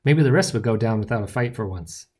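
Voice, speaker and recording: A man narrating a novel in the first person with wry, lively storytelling. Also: lowish voice, fast, breathy edge. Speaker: audiobook narrator.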